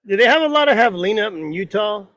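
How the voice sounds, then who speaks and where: Man, co-host, high pitched, dry close sound, quick reactions and questions. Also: lively intonation, fairly bright tone, no room sound. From Arizona. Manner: short reactions and questions, laughs easily. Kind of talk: casual chat.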